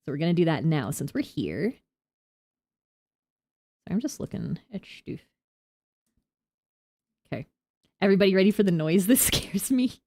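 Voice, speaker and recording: A woman's voice: on the low side, sing-song, moderate pace, pauses often, dark tone, no room sound, clean studio sound. A young woman streaming a game, chatting casually and giggling as she rambles.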